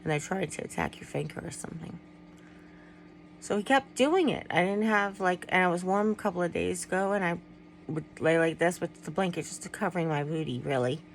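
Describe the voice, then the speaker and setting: A middle-aged woman talks straight to her viewers in a loose, confiding vlog, wandering off mid-thought and circling back. Her voice has a rough, gravelly edge and sits a little low. A faint hum runs underneath. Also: fairly quick, low-quality recording. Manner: rambling, candid, trails off and restarts. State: tearful at times. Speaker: vlogger. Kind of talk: personal vlog, talking to viewers.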